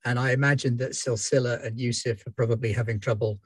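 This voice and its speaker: A man's voice: mid-range voice, steady tone, fast, breathy edge, no room sound. A man playing a tabletop game, speaking formally and measuredly in character. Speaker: player. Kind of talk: in-character role-play.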